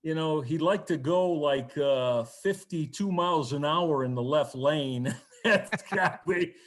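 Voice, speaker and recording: A man telling rambling, animated stories as a podcast guest, with frequent restarts. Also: on the high side, takes it slowly. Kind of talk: casual storytelling.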